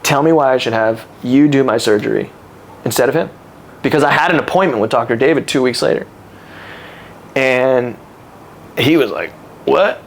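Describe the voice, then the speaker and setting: A man's voice: medium pitch, moderate pace, pauses often, a little hiss or hum. A man in his thirties telling his own story in a casual interview, earnest and candid, often acting out what other people said. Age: 30s. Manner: earnest, candid and reflective, with animated retellings. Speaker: podcast guest.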